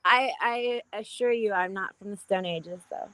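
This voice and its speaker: A woman in her late forties with a high, youthful-sounding voice and a giggly laugh, chatting casually as a guest. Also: moderate pace, sharp tone, dry recording, low-quality recording. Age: late 40s. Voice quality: high giggly voice, compared to a cartoon cavewoman. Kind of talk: casual chat.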